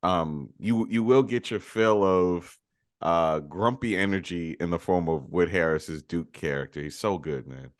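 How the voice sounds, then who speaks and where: A man co-hosting a movie podcast, giving relaxed, offhand opinions in casual chat. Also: low-pitched, a little slow, no room sound, clean studio sound. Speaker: podcast co-host.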